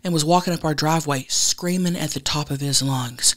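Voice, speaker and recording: Animated woman podcast host, low-pitched. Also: a little fast. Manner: animated storyteller, swearing, says dude. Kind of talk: casual chat.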